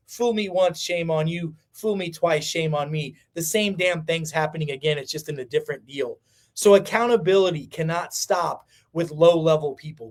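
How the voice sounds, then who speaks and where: A man hosting a livestream, giving a fiery, preachy monologue that hammers points home by repeating them. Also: on the high side. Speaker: livestream host.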